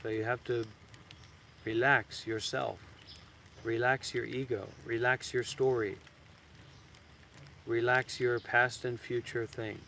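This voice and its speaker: A man giving a meditation talk as a teacher, blunt and teasing, swinging from soft and slow to sudden loud bursts. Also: mid-range voice, level tone, vocal fry, slight background noise. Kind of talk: dharma talk. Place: outdoors in a graveyard.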